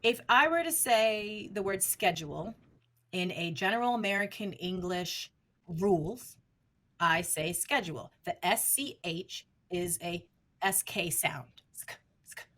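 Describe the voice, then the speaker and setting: A woman's voice: mid-range voice, lively intonation, unhurried, fairly bright tone. A middle-aged woman researcher, a guest in an interview, explaining her field in an emphatic, teacherly way. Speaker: speech language researcher, guest.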